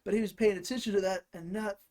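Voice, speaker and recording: A man's voice: high-pitched, steady tone, fast talker, darkish tone. A man hosting his own channel, telling rambling comic stories in a casual way, laughing at his own jokes. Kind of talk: casual comedic storytelling.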